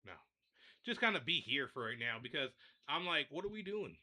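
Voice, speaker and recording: A man's voice: a little high, sing-song, a little fast, pushed and bright. A young man hosting a livestream, ranting and rambling in a repetitive, fed-up way while addressing his viewers directly. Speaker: livestream host.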